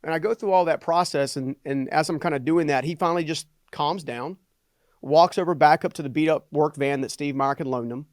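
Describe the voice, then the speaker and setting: A middle-aged man, a guest on a podcast, telling a personal story in an animated way and often adding "right?" for emphasis. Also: on the high side, a little fast, dry recording, studio quality. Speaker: guest, entrepreneur and motivational speaker.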